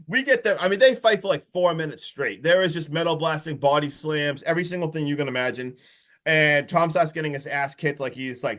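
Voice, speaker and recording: A man on a podcast excitedly retelling a horror movie's plot in a rambling, casual way. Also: fairly high pitch. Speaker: podcast co-host.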